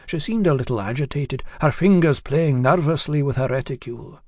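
A man narrating a story in the first person, in a measured, confiding way that speaks directly to the listener. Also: mid-range voice, a little mellow, no echo, clean studio sound.

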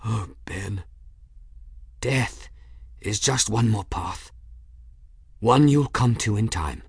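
A dying old monk, gentle and fading, each phrase quiet and strained, as a man narrator puts him on. The voice sits a little higher than the reader's own low tone, in a dry close recording. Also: takes it slowly, creaky, husky, dry recording, full character voice. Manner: quiet, pained, faltering.

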